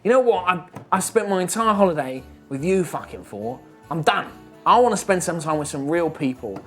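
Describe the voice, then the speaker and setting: A man's voice: on the high side, sing-song, moderate pace, fairly bright tone, soft background music. A man putting on the voice of a foul-mouthed male action movie star who rants and swears nonstop. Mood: grumpy. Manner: swearing, ranting.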